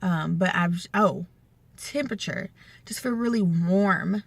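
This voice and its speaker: A woman's voice: lowish voice, takes it slowly, creaky, no echo. A young adult woman talking casually to camera in a rambling, chatty vlog, full of fillers and asides. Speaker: vlogger.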